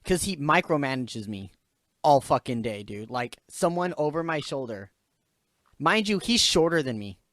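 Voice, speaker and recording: A young man hosting a podcast, telling a story from his job in casual, animated chat, swearing often and laughing as he vents. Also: a little high, moderate pace, dry recording. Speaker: podcast host.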